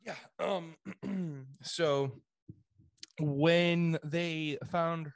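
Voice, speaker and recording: A man co-hosting a podcast, picking up the story in casual chat with hesitant fillers and throat clearing. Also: a little high, fairly even intonation, drawn-out words, no room sound. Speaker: podcast co-host.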